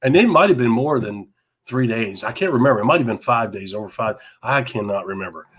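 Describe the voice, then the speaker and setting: A man co-hosting a casual live talk show, telling a long story in an animated way, laughing often and repeating himself. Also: medium pitch, a little fast, breathy edge. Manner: animated, laughing, repeats words, mild cursing. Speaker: podcast co-host.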